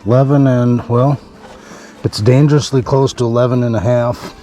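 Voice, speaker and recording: A man narrating a fishing vlog from an ice fishing shelter. He murmurs softly to the fish and breaks into excited exclamations. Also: medium pitch, moderate pace, faint music behind. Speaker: fishing vlogger.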